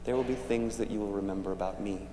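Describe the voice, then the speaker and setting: A minister telling a story to the children during a church service in a gentle, warm manner. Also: male voice, on the low side, steady tone, quick pace. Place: large church sanctuary. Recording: echoey church hall, faint hum.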